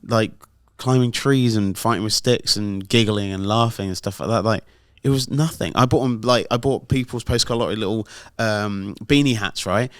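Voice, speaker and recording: A man's voice: lowish voice, normal speed, smooth, no echo, studio quality. A middle-aged man chatting on a podcast, telling rambling stories full of fillers. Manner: rambling, storytelling with many fillers. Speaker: podcast host. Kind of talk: casual podcast chat.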